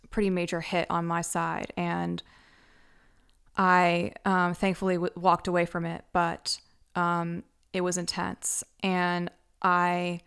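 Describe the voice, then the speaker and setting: A woman with a low, smooth voice carrying a bit of gravel underneath. Her pitch stays flat and even. She tells a personal story in a loose, chatty way full of fillers. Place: Los Angeles.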